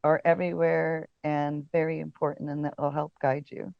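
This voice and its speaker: A woman's voice: deep voice, little pitch movement, moderate pace, vocal fry, dry recording, highs cut off. A woman casting director talking as a podcast guest in casual chat, chatty and storytelling, with lots of fillers and frequent laughs.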